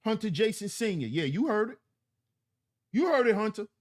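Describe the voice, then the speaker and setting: Livestream host, high-pitched man, very animated delivery, preachy and repetitive. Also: normal speed. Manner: preachy, emphatic, repeats lines for effect. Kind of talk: livestream commentary reading chat.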